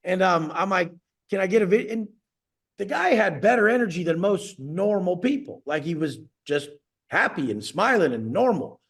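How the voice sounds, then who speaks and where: Man, coach, video call, gravelly voice, profane boastful rant. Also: high voice, very animated, moderate pace, a bit bright.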